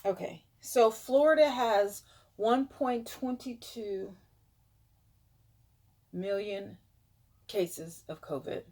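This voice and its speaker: A woman vlogger talks slowly and unhurriedly, reading numbers aloud to her viewers. Her nose is stuffed up, and her dismay shows as she now and then drops to a hushed whisper. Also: mid-range voice. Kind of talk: casual vlog reading statistics aloud.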